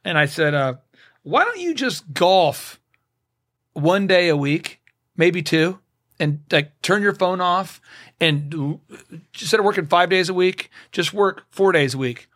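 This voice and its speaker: A man's voice: sits high, unhurried. A man talking as a guest in a studio, acting out both sides of the conversations in his stories. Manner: animated storyteller acting out both sides of dialogues.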